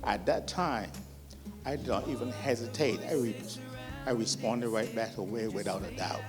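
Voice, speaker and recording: A middle-aged man, the bride's uncle, giving an earnest, measured wedding toast with pauses. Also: fairly low pitch. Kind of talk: wedding speech. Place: wedding reception with music playing.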